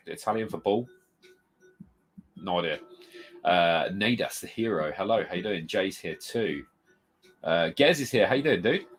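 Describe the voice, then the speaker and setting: A man's voice: sits low, expressive, unhurried, pauses often. A man chatting casually on a live stream at home, rambling and greeting viewers by reading out their comments. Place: home room full of retro games. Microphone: desk mic moved close.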